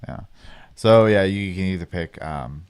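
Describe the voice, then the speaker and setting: A man co-hosting a gaming podcast in casual chat, talking in a relaxed, hesitant way with fillers. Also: low-pitched, unhurried, clear, resonant tone. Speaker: podcast co-host.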